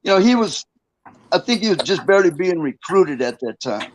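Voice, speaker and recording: A man's voice: sits high, big pitch swings, a little fast, slight background noise, rough recording. An older man in a casual interview, telling rambling, profane stories about his past and chuckling between them. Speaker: interview guest, former prisoner.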